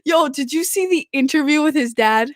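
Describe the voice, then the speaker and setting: A young woman hosting a hockey podcast, excitable and giggly, rambling with frequent restarts like a self-declared fangirl. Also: high-pitched, normal speed, no echo, studio quality. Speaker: podcast host. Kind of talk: casual chat.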